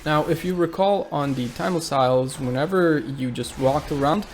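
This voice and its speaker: A man's voice: on the high side, normal speed, a little hiss or hum. A man hosting his gaming channel, talking casually with lots of hesitant "uh"s. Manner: relaxed, conversational, many filler "uh"s. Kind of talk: casual video commentary.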